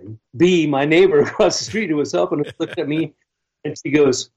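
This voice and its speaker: A man's voice: fairly high pitch, fairly quick. Rambling man on a dull lo-fi line. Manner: rambling with many restarts. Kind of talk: casual storytelling chat.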